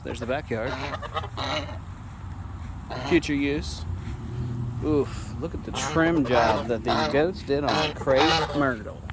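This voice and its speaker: A man's voice: slow pace, long pauses, over a noisy crowd. A man giving a casual walking tour of his farm outdoors, chatty and easygoing, now and then talking to his animals. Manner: chatty, talks to the animals in a higher coaxing voice. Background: geese honking and farm animals.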